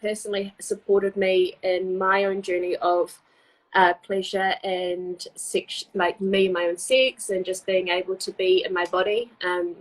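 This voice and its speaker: Woman host of a livestream, husky, effusive and chatty, heard over a video call. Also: medium pitch, flat delivery, a little slow, low-quality recording. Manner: gushing, effusive, many fillers. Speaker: host of a live interview series. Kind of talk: casual chat on a live stream.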